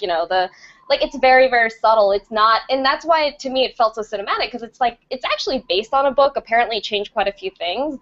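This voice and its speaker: A woman's voice: a little high, fairly bright tone. A woman co-hosting a film podcast, talking in a gushing, enthusiastic way in casual chat. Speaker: podcast co-host, film critic. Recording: slightly muffled lo-fi podcast audio.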